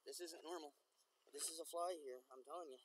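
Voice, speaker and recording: A young man rambling to camera outdoors, swearing constantly, repeating himself and getting easily excited. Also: on the high side, a little fast, slight background noise. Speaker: vlogger. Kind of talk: rambling casual monologue to camera.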